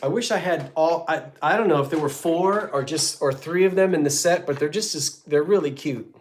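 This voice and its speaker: Here a man with an American accent and a somewhat high voice sells at a moderate pace during a live online auction. Between coughing fits, he counts down the bids and playfully teases the regulars in relaxed chat.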